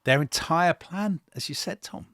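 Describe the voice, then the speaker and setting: A man co-hosting a history podcast, retelling events in a dramatic, animated way. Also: fairly high pitch, a little slow, no echo, studio quality. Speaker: podcast co-host. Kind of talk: storytelling history chat.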